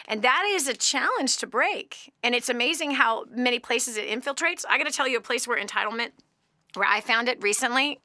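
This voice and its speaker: A woman hosting a call-in radio talk show, animated and quick to laugh, acting out little voices as she tells stories. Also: on the high side, no room sound, clean studio sound.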